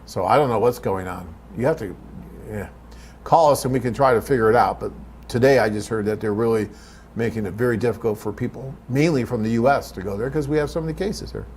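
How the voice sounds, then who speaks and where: A man's voice: mid-range voice, quick pace, darkish tone, a little hiss or hum. A middle-aged man hosting a live webcast, chatting casually and reading viewer questions, rambling with fillers and restarts. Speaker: host of a live web cast for a dating agency.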